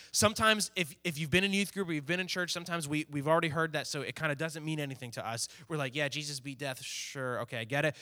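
A man's voice: a little high, sharp tone. A man preaching to a youth group in a casual, conversational way, often acting out what teenagers think and say. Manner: conversational, plays out teens' inner voices. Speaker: youth pastor.

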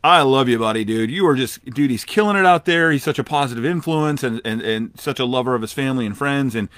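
A man's voice: medium pitch, a bit bright, no room sound. A man co-hosting a casual podcast chat, talking in an emphatic, rambling way. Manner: rambling, emphatic, fast talker. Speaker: podcast co-host.

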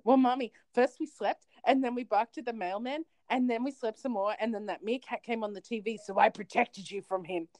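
A woman's voice: fairly high pitch, brisk, few pauses, a little mellow, no room sound, pitched above the performer's own voice, lightly acted. A woman voicing her pet dogs as eager, childlike chatterers reporting to their owner.

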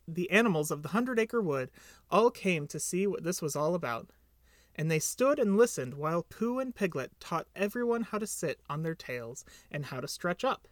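A man reading a children's storybook aloud for a podcast, gentle and measured. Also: high voice, big pitch swings, no echo, studio quality. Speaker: podcast reader.

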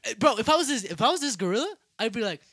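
A man's voice: extremely high pitch, big pitch swings, racing, fairly bright tone, breathy edge, dry recording, studio quality. A young man co-hosting a casual podcast, slangy and profane, joking and laughing with his friend. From Mexican heritage. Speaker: podcast co-host. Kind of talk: casual podcast banter and freestyle rap.

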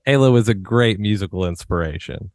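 A man hosts a podcast in a low, relaxed voice, dropping in short, easygoing remarks. His sound is dry, with no echo around it. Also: fairly quick. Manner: laid-back, brief remarks. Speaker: podcast host. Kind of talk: casual podcast chat.

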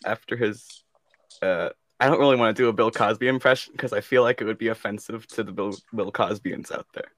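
A young man with a bright, clear voice chatting easily with friends on a podcast. He goes along with the jokes in an easygoing way. The sound is dry and close. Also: fairly low pitch, fairly quick, no room sound. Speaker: podcast co-host. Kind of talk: casual chat among friends.

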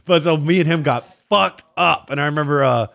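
A man's voice: a little high, a little fast, gravelly, no echo. A young man hosting a podcast, telling crude stories in casual chat and acting out what people said. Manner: profane, animated, acts out quotes. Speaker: podcast host.

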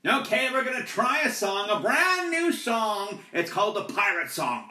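A man's voice: high voice, very animated, moderate pace, hardly any pauses. A man hosting a children's podcast, chatting to kids and explaining the actions for a song. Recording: roomy recording with loud guitar.

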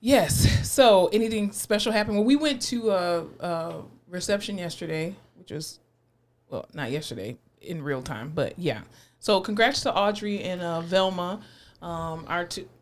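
A woman's voice: lowish voice, unhurried, a little hiss or hum. A woman co-hosting a podcast in casual chat, talkative, laughing and swearing freely. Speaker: podcast co-host.

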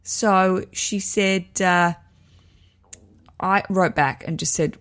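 A woman's voice: on the low side, steady tone, slow pace, pauses often, fairly bright tone. Woman host, frank and profane, digresses and laughs at herself while she gives wedding advice. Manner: candid, swearing, self-mocking. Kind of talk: casual chat reading listener letters.

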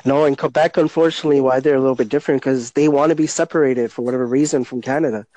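A man making measured, hedging remarks in a casual chat. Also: mid-range voice, fairly even intonation, warm tone, a little hiss or hum, low-quality recording.

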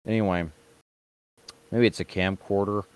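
A man's voice: lowish voice, fairly even intonation, normal speed, darkish tone, smooth, no echo. A man hosting an online show, giving casual and sarcastic reaction commentary in a mocking tone. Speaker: online video host.

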